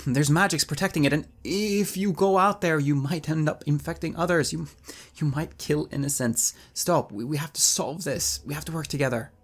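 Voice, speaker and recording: A man's voice: fairly high pitch, normal speed, hardly any pauses, pitched above the performer's own voice, lightly acted. A man voicing his adventurer character, urgently pleading with someone to stop. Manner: urgent, raised voice. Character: earnest adult man adventurer urging calm.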